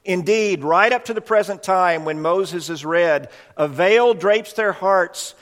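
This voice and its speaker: A male preacher with a fairly high voice, giving an earnest sermon that explains his points carefully. His words hang in a long hall reverb. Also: takes it slowly, a bit bright.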